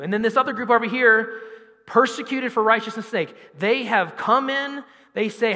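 A man in his thirties preaching a sermon in a conversational, animated way, acting out quotes. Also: extremely high pitch, normal speed, in a large hall. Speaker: pastor.

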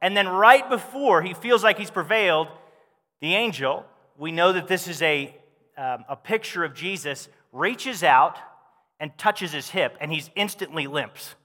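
A man preaching a sermon as pastor, talking to the congregation in a conversational, animated way. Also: high-pitched, unhurried. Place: church hall. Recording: long hall reverb.

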